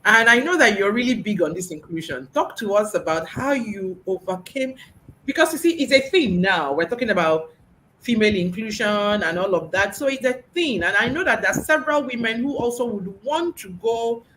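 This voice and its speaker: A woman's voice: medium pitch, a bit bright, poor audio. A woman hosts an interview, asking her guest questions in an encouraging way and murmuring agreement. A faint noise hums behind her voice. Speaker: host, interviewer.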